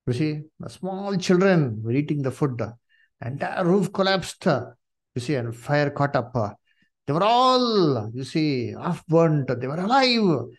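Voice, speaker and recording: A man's voice: fairly high pitch, big pitch swings, slow pace. A man with an Indian English accent preaching a sermon with passion, filling his talk with "you see" and "uh". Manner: impassioned, frequent "you see" and "uh".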